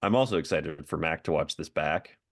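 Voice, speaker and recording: A man's voice: extremely low pitch, brisk, no echo, clean studio sound. A man at a tabletop game, chatting playfully and teasing the others. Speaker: player. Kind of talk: casual chat.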